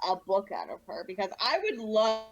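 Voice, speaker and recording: A woman's voice: mid-range voice, moderate pace. Brief: young woman, blunt and wry co-host, muffled lo-fi recording. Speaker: podcast co-host. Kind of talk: casual chat.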